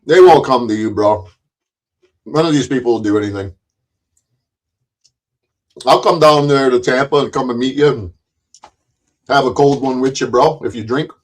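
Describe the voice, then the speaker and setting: A man's voice: mid-range voice, normal speed, pauses often. A man hosting a livestream, taunting guests and trading profane insults in a combative argument. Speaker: livestream host.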